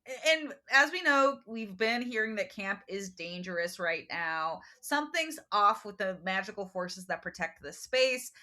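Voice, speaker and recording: Woman co-host, bright and lively, laughs easily while recapping a book in casual chat. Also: mid-range voice, measured pace, few pauses. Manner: animated, laughing, acts out quotes. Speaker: podcast co-host.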